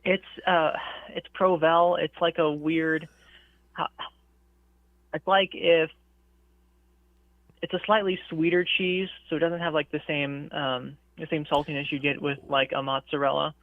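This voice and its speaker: A man's voice: a little high, little pitch movement, unhurried, long pauses, dry recording. Man from St. Louis on a tinny line. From St. Louis, USA. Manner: rambling, filler-heavy, many "like"s. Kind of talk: casual chat. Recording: tinny phone-like call audio.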